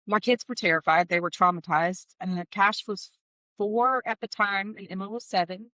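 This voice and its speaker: A woman's voice: mid-range voice, steady tone, moderate pace, a bit bright, dry recording, poor audio. A woman telling her personal testimony as an interview guest, candid and heartfelt, with wry asides. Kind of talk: emotional personal storytelling.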